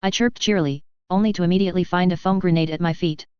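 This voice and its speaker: A woman reading a first-person fan fiction story aloud in a steady narrating voice. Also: on the low side, fast, smooth, no echo. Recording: dull lo-fi dry recording.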